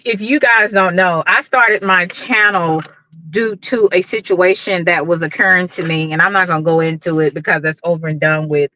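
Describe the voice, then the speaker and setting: A woman's voice: fairly low pitch, pushed and bright, no room sound, dull audio. A middle-aged woman hosting a casual livestream, greeting viewers by name and talking with lots of fillers. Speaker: YouTube livestream host.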